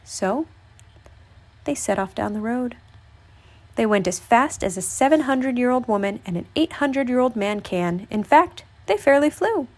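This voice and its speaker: A woman reading a children's picture book aloud, with an expressive storytelling delivery. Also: a little high, moderate pace.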